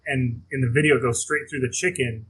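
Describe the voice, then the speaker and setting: A man's voice: mid-range voice, steady tone, brisk, fairly bright tone, husky, rough recording. A man co-hosting a podcast in casual chat, rambling and restarting his phrases. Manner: rambling, restarts phrases, laughs while talking. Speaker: podcast co-host.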